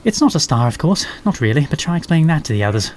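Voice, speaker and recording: An excitable female rat scientist, as a man voices her, high and eager, pressing her point with insistent enthusiasm. A faint hum of noise lies under the voice. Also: fast.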